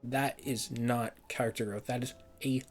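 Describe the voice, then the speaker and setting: A man's voice: medium pitch, steady tone, moderate pace, soft background music. A man streaming a heated game review, ranting and swearing often, repeating words in frustration.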